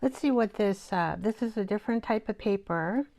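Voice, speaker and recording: A woman hosting a live art show, chatting and thinking aloud as she works, with soft half-whispered asides. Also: medium pitch, moderate pace. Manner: chatty, rambling, talks to herself while working.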